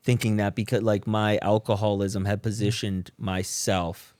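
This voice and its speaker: A man speaks in a low, relaxed voice as a podcast guest and tells his own story. His talk is slangy and loose, with plenty of fillers and restarts. The sound is dry and close, with no room around it. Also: normal speed, dry recording. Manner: laid-back and slangy, with many fillers and restarts. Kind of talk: casual storytelling about his recovery.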